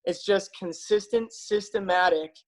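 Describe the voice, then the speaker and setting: A man's voice: high-pitched, unhurried, low-quality recording. A man speaking casually and eagerly to his viewers as a health practitioner, upbeat and persuasive, with frequent fillers. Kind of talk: casual enthusiastic talk to camera.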